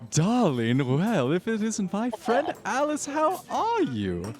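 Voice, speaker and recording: A man's voice: sits high, huge pitch swings, takes it slowly, darkish tone, pitched above the performer's own voice, exaggerated voice. Man putting on a gushing sing-song society lady. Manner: gushing, breezy, calls everyone darling. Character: flamboyant sing-song society woman, pushy and theatrical.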